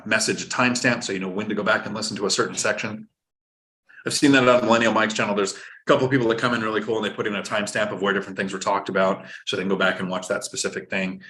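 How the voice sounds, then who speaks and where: Casual male stream host, low voice, explains like a teacher, drops dad jokes. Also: sharp tone. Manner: instructive, joking, reads viewer chat aloud. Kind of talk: live-stream finance chat.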